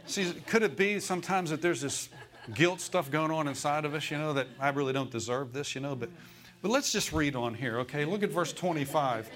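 A male pastor preaching a sermon in a church, folksy, asking the congregation for replies and slowing down to read scripture aloud. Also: on the high side, a bit bright.

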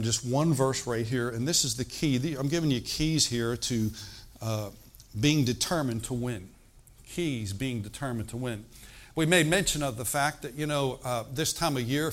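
An older man, a pastor, teaching a sermon in an easygoing, talky way and often checking in with the congregation. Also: medium pitch. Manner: conversational preaching with frequent call-and-response asides.

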